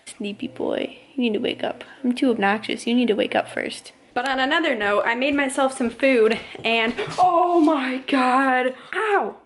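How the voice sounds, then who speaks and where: Young mom vlogger in her twenties, fast and rambling, with a light, highish voice and faint background noise. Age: 20s. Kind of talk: casual ranting vlog to camera.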